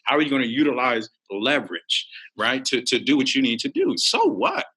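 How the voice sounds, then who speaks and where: A man guest on a podcast, an author telling stories in an animated way and acting out quotes with big jumps in pitch. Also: moderate pace, breathy edge, rough recording. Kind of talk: animated storytelling.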